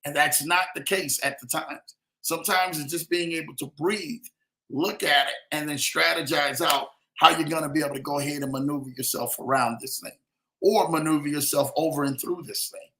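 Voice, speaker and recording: Male livestream host, bright and high-pitched, energetic shout-out style, roomy echo. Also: normal speed. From lives in Denver. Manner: hype, repetitive "man" and "in the building". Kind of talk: casual livestream chat with shout-outs.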